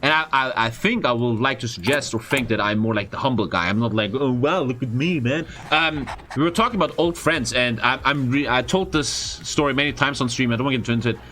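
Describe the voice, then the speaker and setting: A young man, a streamer, telling a story in casual, profane, expressive chat. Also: medium pitch, fast talker, few pauses, a little hiss or hum. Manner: profane, expressive, frequent swearing.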